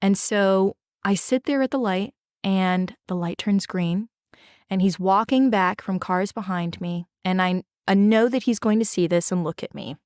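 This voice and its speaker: Gentle, earnest woman, dry close sound. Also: medium pitch, a little slow, no room sound. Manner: gentle, earnest, with guided breathing prompts and frequent "right?". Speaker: podcast host and drama therapist. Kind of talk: reflective storytelling monologue.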